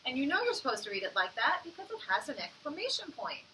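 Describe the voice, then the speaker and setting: A woman teacher giving an online phonics lesson to young children. She speaks encouragingly and sounds words out slowly. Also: high-pitched, sing-song, sharp tone, distant mic, a little hiss or hum, rough recording.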